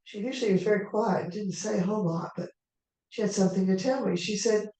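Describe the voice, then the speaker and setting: A woman storyteller telling a tale in the first person as a character, in an unhurried, conversational way with asides to the audience. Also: medium pitch, warm tone. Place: live performance venue. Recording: echoey hall, mic far off.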